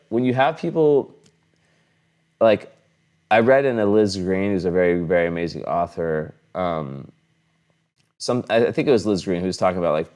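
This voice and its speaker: A man's voice: sits low, darkish tone, clean tone. A young adult man talking casually to camera at home in a rambling vlog, with many restarts and fillers. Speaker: astrology vlogger. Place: home room, camera on a fixed setup.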